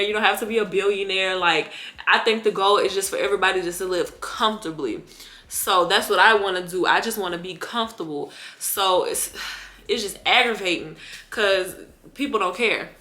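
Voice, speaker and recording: A woman's voice: mid-range voice, bright, forceful tone. A young woman ranting in a vlog about scamming customers, blunt, heated and profane with lots of slang. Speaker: vlogger and delivery shopper.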